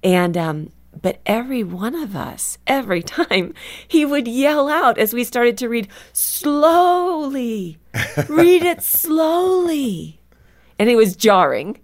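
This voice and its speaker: Lively woman guest telling stories. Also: on the high side, moderate pace. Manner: animated, expressive storyteller. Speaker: author and guest. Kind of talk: conversational interview storytelling.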